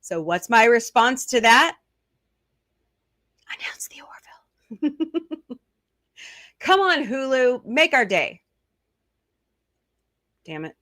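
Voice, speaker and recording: A woman's voice: fairly high pitch, big pitch swings, slow pace, long pauses, a bit bright, dry recording, clean studio sound. A middle-aged woman hosting a casual live stream, chatting and answering viewer comments. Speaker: host.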